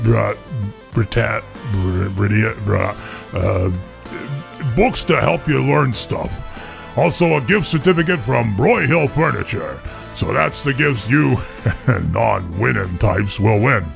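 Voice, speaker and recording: A man's voice: medium pitch, animated, unhurried, creaky, soft background music, voice pushed down. A man voicing a bumbling, punch-drunk old boxing champ who keeps stumbling over his words.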